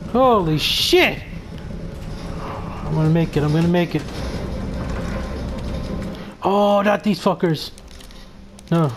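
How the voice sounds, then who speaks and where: A gamer giving live commentary while playing, swearing constantly and breaking into panicky shouts at the game. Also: medium pitch, takes it slowly, pauses often, background noise.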